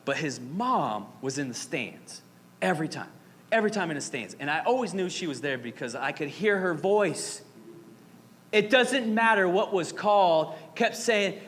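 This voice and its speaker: A man in his thirties from Arizona, preaching a sermon as pastor with animated, dramatic storytelling and playful asides. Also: on the high side, normal speed. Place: church sanctuary. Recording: reverberant hall with faint noise.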